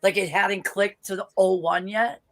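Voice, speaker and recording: A woman with a thick Boston accent telling stories in a casual video-call chat, animated and blunt, swearing and laughing often. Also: medium pitch, moderate pace, rough recording. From Boston area, US. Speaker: interview guest.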